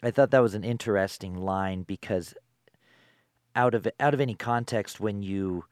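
A man's voice: fairly low pitch, normal speed, no echo, clean studio sound. A man interviewing a songwriter, talking things through thoughtfully with many "you know"s. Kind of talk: casual interview chat.

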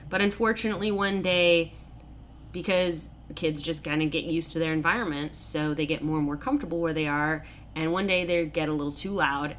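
A woman's voice: deep voice, slight background noise. A woman co-hosting a podcast, retelling a fairy tale in a casual, comedic way with lots of swearing and filler. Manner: animated, swearing, frequent "like" and "basically".

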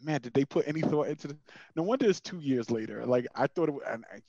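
A man co-hosting a casual podcast chat, talking in an animated way and jumping his pitch for quoted asides. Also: fast, no echo, muffled recording. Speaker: podcast co-host.

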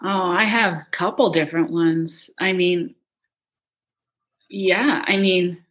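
A middle-aged woman chatting in an interview, telling animated stories, laughing often and quoting people. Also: fairly low pitch, slow pace, lo-fi sound. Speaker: guest, touring production manager. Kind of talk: casual interview chat.

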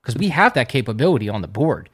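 A man's voice: mid-range voice, very animated, quick pace, a bit bright, slightly rough. A man co-hosting a podcast, trading playful jokes in casual chat. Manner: joking, playful banter. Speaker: podcast co-host.

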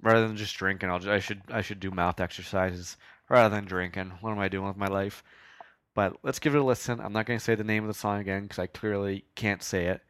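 A man's voice: on the low side, steady tone, quick pace, fairly bright tone, smooth, no echo. A man with a Canadian accent hosting a podcast, chatting casually and rambling about songs with self-mocking asides. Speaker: podcast host.

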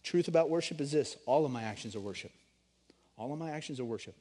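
A middle-aged man preaching a sermon, animated, swinging between loud emphasis and hushed storytelling. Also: mid-range voice, fast talker. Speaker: pastor.

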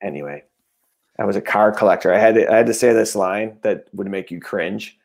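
A man talks in a low, gravelly voice with plenty of fry. He rambles, restarts and searches for words, relaxed and joking. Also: fairly quick. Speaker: actor and podcast guest. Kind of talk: casual comedic chat.

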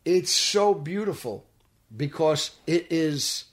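A man's voice: fairly high pitch, slow. A man from Brooklyn, a guest actor on a studio podcast who tells his stories earnestly and acts out the quotes. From Brooklyn, New York. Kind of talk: casual podcast interview.

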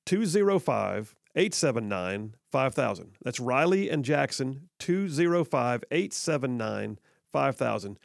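Folksy radio host with gravelly voice. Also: male voice, mid-range voice, very animated, no room sound, clean studio sound. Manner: folksy, joking, drawling when slowing down. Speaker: radio talk show host. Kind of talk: casual talk radio with live ad read. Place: radio studio. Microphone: studio microphone.

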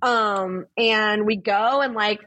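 Chatty, blunt young woman, husky voice. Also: medium pitch, takes it slowly, dry recording, dull audio. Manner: chatty, swears freely, fills talk with "like"; blunt and animated storyteller. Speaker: guest, social media influencer. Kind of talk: casual podcast chat.

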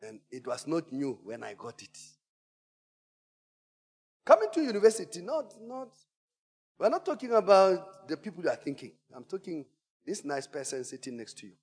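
A pastor preaching a sermon, animated and theatrical, moving from quiet asides to shouts. His voice sits high and leaps across a wide range. Long reverb from the church hall trails behind him. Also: moderate pace, pauses often, breathy edge. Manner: animated storyteller, call-and-response, swings from hushed to shouting. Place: church auditorium.

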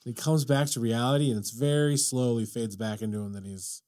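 A man's voice: mid-range voice, fairly even intonation, fairly quick, a little mellow. A man co-hosting a casual podcast chat, making dry, wry remarks. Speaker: podcast co-host.

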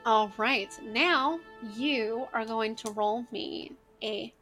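A woman narrating as game master of a tabletop role-playing game, animated, with loose fillers and frequent laughter. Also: on the high side, slow pace, faint music behind.

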